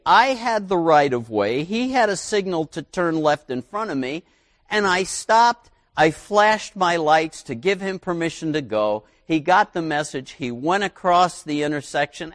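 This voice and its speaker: A man's voice: fairly high pitch, no echo, studio quality. A middle-aged male pastor preaching a sermon in a folksy, conversational way with asides to the congregation.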